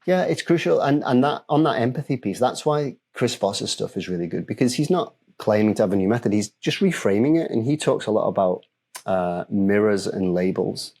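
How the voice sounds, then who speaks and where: Lively low-voiced male breathwork coach. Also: brisk, gravelly. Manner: animated explainer, acts out examples. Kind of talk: conversational podcast interview.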